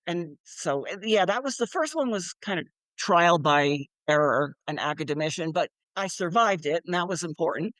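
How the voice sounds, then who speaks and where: A woman's voice: on the low side, dry recording. An older woman, an author being interviewed, chatting animatedly and acting out quoted voices with frequent laughs. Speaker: author and guest. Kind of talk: casual interview chat.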